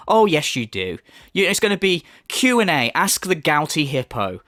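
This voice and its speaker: A man's voice: sits high, very animated, a little fast, a bit bright, dry recording. Guy ranting over clips, swears a lot, sarcastic, voice jumps all over, dry close sound. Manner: mocking, profane, sarcastic. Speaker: commentary channel host. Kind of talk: sarcastic reaction commentary.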